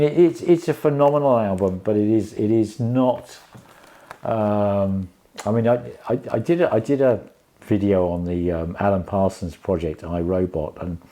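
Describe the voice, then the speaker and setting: A man's voice: deep voice, mellow. A man casually reviewing a vinyl album, rambling with many fillers and restarts.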